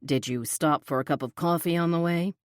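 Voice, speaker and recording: A woman's voice: low-pitched, a little fast, dry recording, studio quality, natural voice. A woman voicing a stern, dismissive female office supervisor who speaks curtly in an audiobook. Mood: curt, irritated. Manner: curt, cold.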